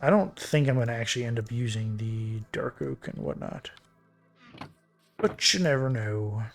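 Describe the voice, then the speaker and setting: A man's voice: mid-range voice, normal speed, soft background music. Man thinking aloud while building. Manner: thinking aloud, relaxed, muttering to himself. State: hiccuping. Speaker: streamer. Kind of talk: casual game commentary while building.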